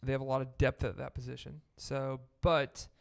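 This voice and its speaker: A man co-hosting a casual sports podcast, talking in a slow, rambling way with fillers. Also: mid-range voice, level tone, creaky. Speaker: podcast co-host.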